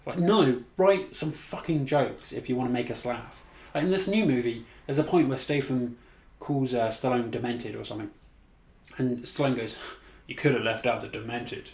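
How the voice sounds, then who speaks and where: Male reviewer, casual sweary rant, mid pitch, echoey room. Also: moderate pace, darkish tone. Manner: blunt, sweary, exasperated, laughs at his own mockery. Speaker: movie reviewer. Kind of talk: casual ranting movie review.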